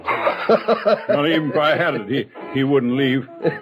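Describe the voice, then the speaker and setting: An actor playing a stubborn farmer who pleads poverty, speaking in a stammering, evasive way. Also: male voice, medium pitch, lively intonation, unhurried, lo-fi sound, faint music behind, close to an everyday voice. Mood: defensive. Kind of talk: vintage broadcast drama acting.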